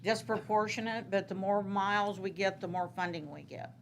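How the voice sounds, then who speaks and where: A woman's voice: mid-range voice, moderate pace, slight background noise. A woman answering questions at a city council meeting, rambling with many fillers and restarts. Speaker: city transit manager.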